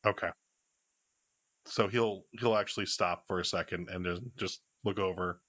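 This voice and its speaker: A man playing a tabletop game, speaking in a hesitant, halting way. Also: low voice, fairly even intonation, fairly bright tone, no echo. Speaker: player. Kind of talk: tabletop role-play.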